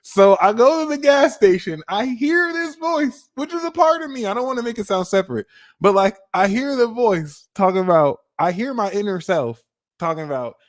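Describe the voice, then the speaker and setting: Animated young man giving a tarot reading. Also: sits high, normal speed. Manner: animated, slangy, swings into loud acted-out exclamations. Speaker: tarot reader. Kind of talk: live tarot reading, casual storytelling.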